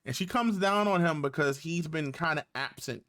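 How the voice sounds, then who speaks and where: A man's voice: on the high side, normal speed, fairly bright tone. A man casually recapping a TV episode, loose and slangy, with lots of fillers and acted-out quotes. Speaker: YouTube reviewer.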